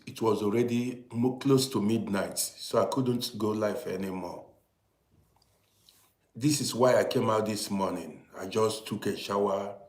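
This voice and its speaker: An older man hosting a casual morning live stream, chatting and greeting viewers, often pausing and restarting. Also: on the low side, darkish tone, reverberant.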